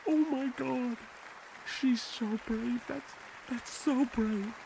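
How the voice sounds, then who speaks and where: A woman's voice: on the high side, slow, creaky, crowd noise, background noise, pitched below the performer's own voice. A woman playing a doting, gushing partner in a comedy sketch, with a sing-song delivery.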